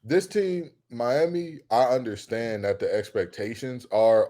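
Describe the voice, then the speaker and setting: A man talking sports on a podcast with a mid-range voice that often jumps up high as he gets heated. He hammers home his points and repeats lines for emphasis. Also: unhurried, hardly any pauses, warm tone. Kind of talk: casual sports talk.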